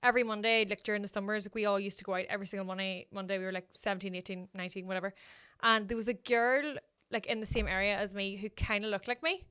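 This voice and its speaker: Fast, animated woman, podcast co-host, swears freely. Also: mid-range voice, clean tone. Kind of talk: casual chat, storytelling.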